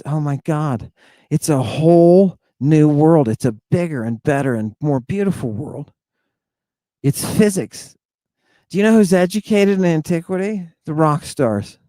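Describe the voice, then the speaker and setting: A man hosting a lecturing monologue to his viewers. He talks emphatically, keeps asking "right?" and "do you understand?", and stalls in halting restarts with drawn-out fillers. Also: mid-range voice, mellow, no room sound. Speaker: host.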